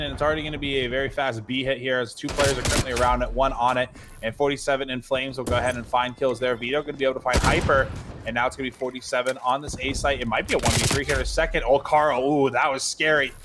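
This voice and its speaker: A man doing fast, excitable play-by-play commentary on an esports match. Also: mid-range voice, background noise. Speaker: esports caster. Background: game gunfire and clicks.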